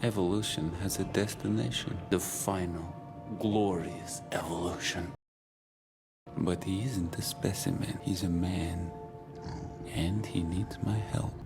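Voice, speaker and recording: An actor playing a calm, solemn male scientist who speaks in a measured, grave way. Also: sits low, gravelly, music in the background. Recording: show clip with loud score.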